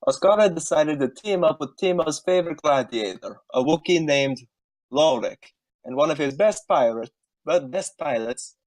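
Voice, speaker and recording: A man's voice: on the high side, animated, normal speed, dry recording, rough recording. A man reading his character's backstory at a tabletop game over an online voice call, wry and breaking off for joking asides. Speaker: player.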